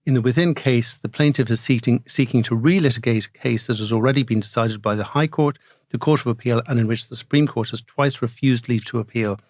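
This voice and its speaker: A man's voice: medium pitch, fairly quick, a little mellow, no room sound. A man co-hosting a legal podcast in a studio, explaining cases hesitantly with many restarts. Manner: hesitant, with frequent restarts and stammers. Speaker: podcast co-host, barrister. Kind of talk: casual legal podcast chat.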